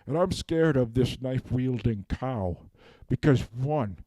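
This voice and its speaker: Rambling man with a warm, mellow voice. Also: medium pitch, expressive, a little slow, no echo. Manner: rambling, drops "okay?" after nearly every phrase. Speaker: improv comedian. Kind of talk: improvised absurd comic monologue. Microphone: handheld microphone.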